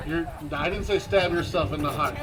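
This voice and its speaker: A man's voice: a little high, moderate pace, low-quality recording. A man leading a crowd in live outdoor street theater, commanding and theatrical with dry sarcastic asides. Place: outdoor festival stage.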